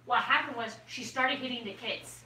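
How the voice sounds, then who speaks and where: A woman's voice: a little high, bright, forceful tone. A young woman and mother recounting a family fight in heated casual talk, swearing often and acting out what others said. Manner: rapid storytelling, swears often, acts out quotes. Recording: echoey room, far from mic, faint ambience.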